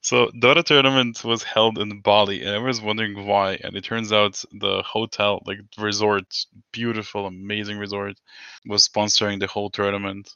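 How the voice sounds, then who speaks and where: A man's voice: lowish voice, level tone, normal speed, bright, forceful tone, clean tone, no echo, dull audio. A man co-hosting a podcast in casual chat, rambling and swearing, laughing often. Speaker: podcast co-host.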